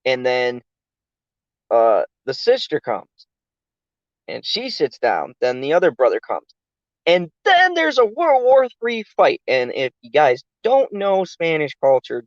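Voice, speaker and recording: An adult reviewer talking through a TV episode in a casual, animated way and swearing freely. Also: mid-range voice, no room sound, muffled recording. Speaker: TV show reviewer.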